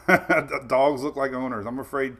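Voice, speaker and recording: A man's voice: medium pitch, steady tone, measured pace, gravelly, pushed and bright. A man hosting a casual weather livestream from home, chatty and laughing often while his dogs run around.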